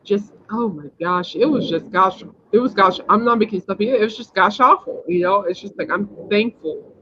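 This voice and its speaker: A woman's voice: medium pitch, moderate pace, a bit bright, a little hiss or hum. A woman hosting a podcast, telling a personal story in a rambling, emphatic casual chat. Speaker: podcast host. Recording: dull lo-fi sound.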